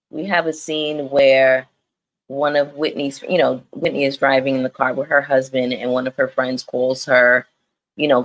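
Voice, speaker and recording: A young woman giving casual, animated livestream commentary on a reality show, laughing often. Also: extremely low pitch. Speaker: reality TV recap streamer.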